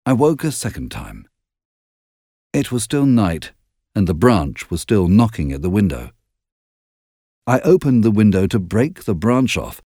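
Male audiobook narrator, slow measured delivery, very lively pitch, dry close sound. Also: dry recording. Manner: expressive, measured storytelling.

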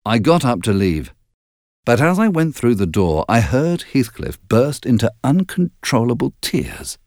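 This audiobook narrator, a man with a medium-pitched voice, tells the story expressively and at a measured pace. The recording is dry and studio quality.

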